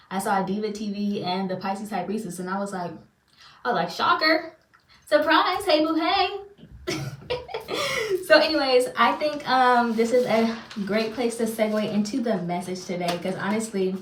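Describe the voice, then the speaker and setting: A woman who works as a spiritual reader and channeler, talking to her viewers in a loose, chatty and self-deprecating way with lots of fillers. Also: medium pitch. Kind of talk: casual rambling monologue to viewers. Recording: roomy sound, far from the mic.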